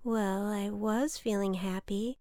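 A woman's voice: steady tone, takes it slowly, no echo, studio quality. A woman voicing a kind, polite little boy in a children's storybook, earnest and eager. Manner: earnest and eager, raised bright pitch.

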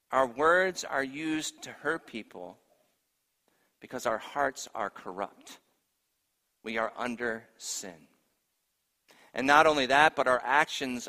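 A man preaching a sermon, swinging from hushed, grave lines to loud, emphatic ones. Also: on the high side, big-room sound. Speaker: pastor.

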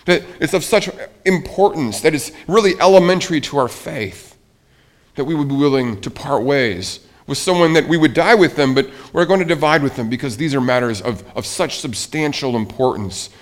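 A man's voice: fairly high pitch, lively intonation, normal speed. A man preaching as pastor from the pulpit and leading a spoken prayer, earnest and pleading, often restarting and repeating phrases.

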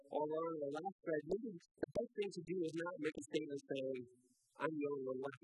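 Man pastor, fairly high husky voice, dry close sound, soft music underneath. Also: no room sound, low-quality recording. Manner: preaching with dramatized quotes, rising intensity. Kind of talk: sermon.

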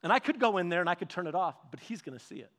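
A man preaching a sermon, telling stories with lively repetitions and restarts. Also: sits high, racing. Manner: animated storytelling with repetitions and restarts. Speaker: pastor. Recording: long hall reverb.

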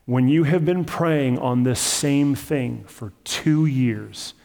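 A man's voice: medium pitch, slow pace, gravelly, dark tone, in a large hall. A man preaching a sermon as pastor, in a conversational, emphatic style that acts out the story.

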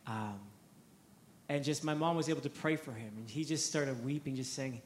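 Energetic male preacher in an echoey church. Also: mid-range voice, normal speed, a little hiss or hum. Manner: energetic, repeats words, acts out quotes. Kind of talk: sermon storytelling.

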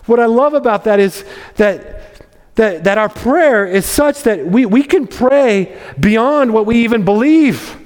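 High-voiced preacher in an echoing hall. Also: male voice, expressive, a little slow, darkish tone. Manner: conversational, wry asides. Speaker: pastor. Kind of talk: expository sermon. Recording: long hall reverb.

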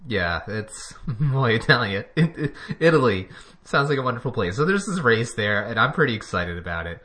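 Lively, bright-voiced rambling podcast guy. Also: medium pitch. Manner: rambling, chuckling, halting. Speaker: podcast co-host. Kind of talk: casual chat.

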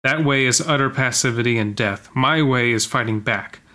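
Man co-reading a story with a friend, bright voice, hams up the lines and stops to crack jokes. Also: mid-range voice, normal speed. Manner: reads lines dramatically, then jokes and comments. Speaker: co-reader of a story. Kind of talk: casual reading aloud with banter.

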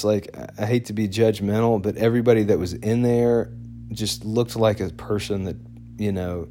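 A man's voice: low-pitched, dark tone. A man casually telling a personal story, talking loosely with fillers and restarts.

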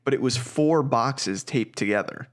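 A man's voice: medium pitch, measured pace. A man co-hosting a podcast, casually rambling through a story and swearing freely. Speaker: podcast co-host. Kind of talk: casual chat.

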